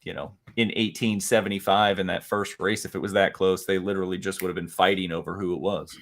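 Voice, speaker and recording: A man co-hosting a casual live talk show, talking in a relaxed, rambling way and laughing easily. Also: low-pitched, fast talker, a little hiss or hum. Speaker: co-host. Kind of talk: casual chat.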